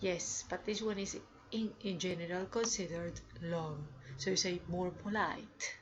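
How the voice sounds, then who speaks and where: Slow, upbeat woman teaching English grammar. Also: fairly low pitch, steady tone, lo-fi sound, a little hiss or hum. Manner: slow, drawn-out examples with upbeat prompts. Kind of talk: grammar lesson.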